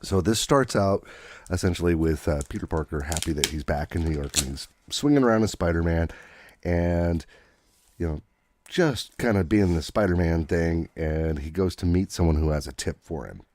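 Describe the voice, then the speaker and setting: Male podcast host, very deep and warm, rambling chatty recap, dry. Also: moderate pace, dry recording. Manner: rambling, with many fillers and restarts. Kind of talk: casual chat recapping comics.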